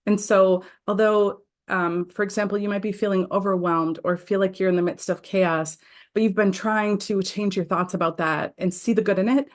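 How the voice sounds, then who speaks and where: A woman leads a guided tapping session as the host. Her mid-range voice stays gentle and patient, with a few fillers and restarts. She recites affirmation phrases slowly so listeners can repeat them. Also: mid-range voice.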